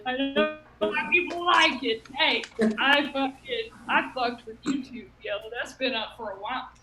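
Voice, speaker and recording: A woman's voice: high voice, normal speed, pushed and bright, roomy sound, soft background music, low-quality recording. A woman in her thirties from Ohio doing a rambling, self-mocking open mic stand-up set, laughing at her own jokes. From Ohio, USA. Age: 30s. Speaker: stand-up comic.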